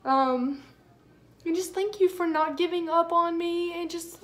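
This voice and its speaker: A young woman with a drawl speaks alone into her podcast mic. Her voice sits a little high, and she talks in an emotional, rambling way, full of "like" and restarts. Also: a bit bright. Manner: emotional, rambling, many "like" fillers. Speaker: podcast host. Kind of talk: personal podcast monologue.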